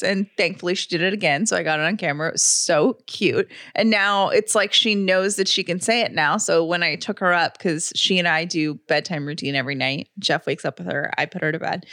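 A young woman with a lowish voice co-hosts a podcast, gushing and bubbly as she tells stories with excitable energy in casual chat. The studio recording is dry.

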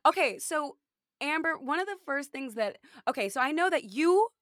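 A young adult woman with a high, animated, fairly bright voice at normal speed hosts a podcast, recorded dry with clean studio sound. She chats casually, with lots of fillers and laughter.

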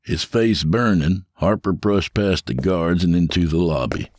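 A man narrating a dark horror story in a measured, scripted way. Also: low voice, expressive.

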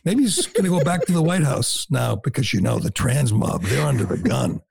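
A man's voice: medium pitch, sing-song, normal speed, gravelly, darkish tone, slightly rough, no echo. A man hosting a talk radio show, delivering blunt, sarcastic, combative commentary.

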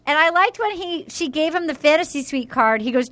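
A woman's voice: high voice, fairly quick, few pauses, fairly bright tone. A woman hosting a podcast, chatty and gossipy as she recaps. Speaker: podcast host. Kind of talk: casual chat.

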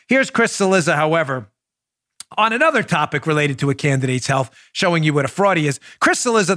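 Sarcastic man with a lively voice. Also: a little high, fast, dry recording, clean studio sound. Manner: sarcastic, mocking, emphatic. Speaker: podcast host, former police officer. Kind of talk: political commentary podcast.

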